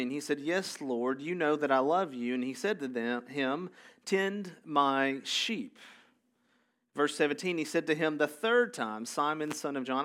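A man's voice: medium pitch, fairly bright tone. A man preaching a sermon in a conversational way, reading scripture aloud and adding casual asides. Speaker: pastor.

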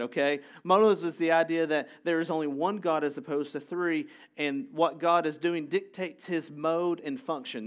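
A man preaching with a fairly high voice, explaining ideas step by step. He keeps the tone conversational and breaks in with joking asides to the congregation. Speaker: pastor. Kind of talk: sermon.

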